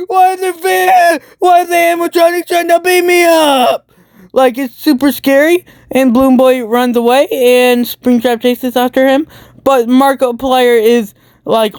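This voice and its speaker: A woman's voice: on the high side, clean tone, no room sound, clean studio sound. A woman giving a goofy, rambling comedic movie recap full of meme slang. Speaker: YouTube commentator.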